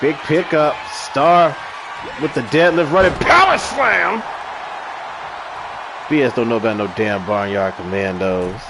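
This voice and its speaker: A man's voice: medium pitch, lively intonation, unhurried, pauses often, background noise. A man in his thirties giving loose, joking, profane live commentary on a wrestling stream and chatting with viewers. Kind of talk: casual live commentary with singing and chat replies.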